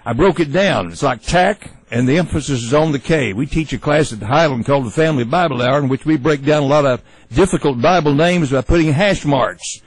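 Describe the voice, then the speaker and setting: A man hosting a talk radio show, giving opinionated commentary in a folksy, halting way with many fillers and restarts. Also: a little high, husky, no room sound, poor audio.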